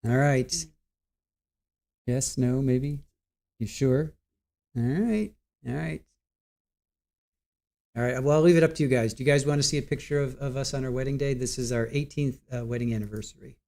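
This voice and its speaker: A man's voice: mid-range voice, normal speed, vocal fry, pauses often, mellow. A man in his forties hosting a casual livestream, rambling, stumbling over words and reading viewer comments aloud. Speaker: livestream host.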